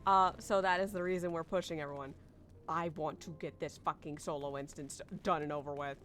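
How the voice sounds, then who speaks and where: A woman's voice: low-pitched, fairly even intonation, brisk, fairly bright tone, faint music behind. A young woman streaming a game and chatting with friends, playful, laughing often and swearing freely. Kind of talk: casual chat while gaming.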